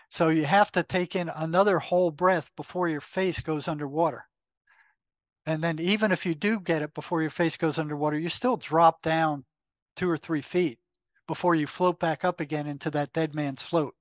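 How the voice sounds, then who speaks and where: An older man recounts a story in an animated way, stopping often to voice the exchanges in his head. His voice sits a little high for a man. The sound is dry and close, with no room around it. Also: no room sound. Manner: animated retelling with quoted inner dialogue, frequent fillers. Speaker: guest, retired psychotherapist. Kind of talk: conversational storytelling.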